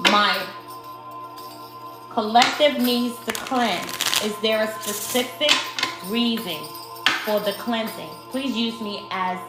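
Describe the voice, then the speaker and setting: A woman from Brooklyn with a New York accent, giving a spiritual tarot card reading to her viewers in slow, emphatic speech that addresses them as the collective. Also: medium pitch. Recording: echoey room with faint music.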